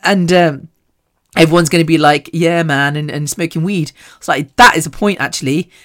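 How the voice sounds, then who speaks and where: A woman hosting a podcast, talking casually and telling animated stories with frequent laughs. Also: sits low, normal speed. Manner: chatty, animated storytelling; laughs often. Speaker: podcast host. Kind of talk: casual chat.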